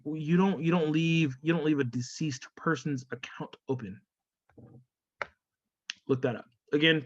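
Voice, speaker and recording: A man's voice: a little high, sharp tone, no room sound. A man hosting a podcast in a rambling, profane solo rant full of fillers and restarts, on a dull lo-fi recording. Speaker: podcast host.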